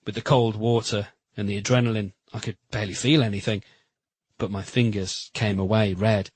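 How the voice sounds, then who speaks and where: Husky male audiobook narrator. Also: lowish voice, no echo, low-quality recording. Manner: steady, measured reading. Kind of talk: first-person romance audiobook narration.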